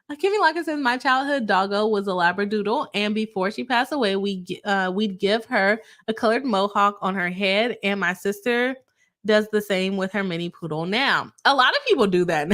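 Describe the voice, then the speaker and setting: A woman's voice: mid-range voice, a bit bright. A woman hosting a casual live stream, reading out viewer comments and laughing often between her remarks.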